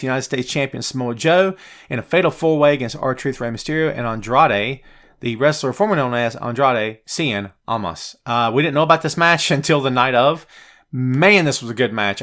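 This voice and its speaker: A man's voice: medium pitch, a bit bright. Chatty man hosting a wrestling show. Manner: chatty and opinionated, addresses viewers by name. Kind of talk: live show answering viewer chat.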